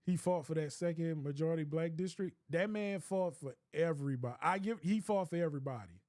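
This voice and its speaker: A man's voice: fairly high pitch, fairly quick, darkish tone, no room sound, studio quality. A young man telling a rambling, profane story in casual chat, often breaking into laughter. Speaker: streamer.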